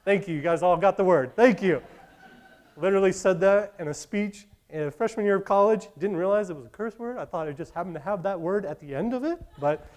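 Man, pastor, sermon, emphatic repetition, high voice. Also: brisk, darkish tone.

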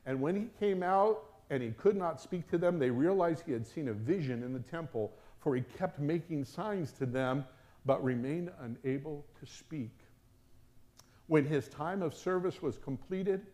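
A male preacher reading and retelling scripture in an animated sermon, with casual slang asides. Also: fairly high pitch, normal speed.

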